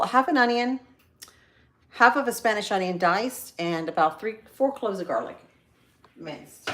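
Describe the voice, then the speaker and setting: A woman's voice: medium pitch, noisy background. A middle-aged woman chatting casually to viewers while cooking in her home kitchen. She rambles with lots of fillers and asides. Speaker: cooking vlogger on a live stream.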